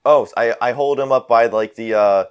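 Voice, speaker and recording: A man's voice: medium pitch, brisk, clean tone. A man casually describing his character's actions as a player, searching for words. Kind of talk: tabletop game play.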